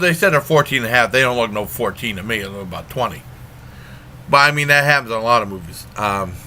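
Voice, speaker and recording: A man's voice: mid-range voice, pushed and bright. A man giving a blunt, rambling spoken movie review with many fillers.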